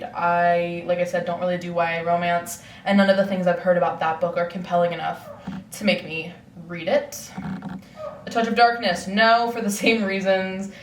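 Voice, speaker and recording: A woman book vlogger talking casually, with lots of fillers and self-corrections. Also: fairly low pitch. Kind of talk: casual chat ranking books. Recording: echoey room, distant mic, faint noise.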